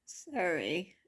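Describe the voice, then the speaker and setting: A woman's voice: on the low side, fairly bright tone. A woman reviewing a show in a casual vlog rant, exasperated, blunt and full of profanity. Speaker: video reviewer.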